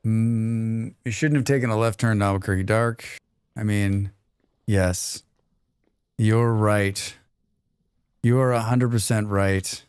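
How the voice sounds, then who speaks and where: A man's voice: on the low side, fairly even intonation, slow pace, long pauses, darkish tone, clean tone, dry recording, studio quality. Man grumbling through his gameplay stream. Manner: talks to himself, joking and grumbling. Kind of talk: casual live gameplay commentary.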